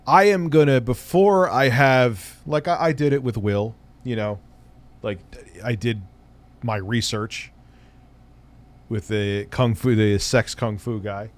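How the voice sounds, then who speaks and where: A man's voice: mid-range voice, slow pace. A man hosting a livestream, chatting casually and rambling through crude, profane jokes. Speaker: streamer host. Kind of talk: casual livestream reaction chat.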